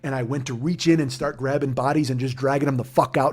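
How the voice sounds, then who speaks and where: A man's voice: medium pitch, fairly even intonation, fast talker, few pauses, a little mellow. A man hosting a comedy podcast, telling a story in a profane, heated ranting manner. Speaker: podcast host.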